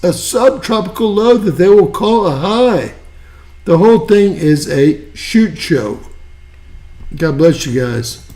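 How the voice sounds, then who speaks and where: A man's voice: high voice, lively intonation, slow pace, mellow. A man hosting an online news show, giving rambling, folksy weather commentary and repeating himself. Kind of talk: casual weather commentary over a map.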